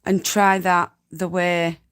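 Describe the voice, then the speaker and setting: A woman's voice: lowish voice, flat delivery, takes it slowly, clean tone. A woman from North Yorkshire with a Yorkshire accent, giving homely, chatty spinning tips as host of a live stream and laughing often. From North Yorkshire, England. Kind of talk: casual live-stream tutorial chat.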